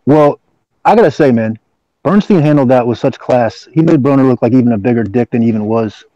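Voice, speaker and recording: A man co-hosting a boxing podcast by call, telling a story in an excitable, profane, rambling way. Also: medium pitch, fairly quick, dry recording. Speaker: podcast co-host calling in. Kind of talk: casual chat. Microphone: call-in line. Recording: dull lo-fi call audio.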